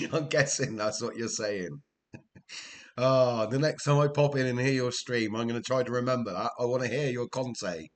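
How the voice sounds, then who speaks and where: A man's voice: medium pitch, moderate pace. An older man, chatting casually to his stream viewers while he plays a football management game, rambling and chuckling as he goes. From Wales.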